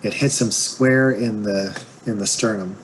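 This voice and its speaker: A man's voice: on the low side, steady tone, measured pace, a little hiss or hum, rough recording. A man playing a tabletop game, narrating his character's actions with vivid description. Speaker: player.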